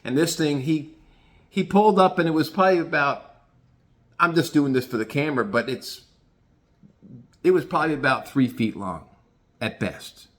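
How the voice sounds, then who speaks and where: A man's voice: fairly high pitch, moderate pace, pauses often, fairly bright tone. A man casually telling a rambling, profane story, often restarting his sentences.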